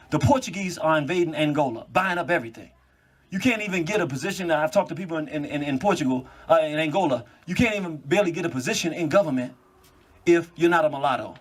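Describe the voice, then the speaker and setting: Animated high-voiced man. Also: breathy edge. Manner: animated, quick bursts with laughs. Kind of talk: monologue.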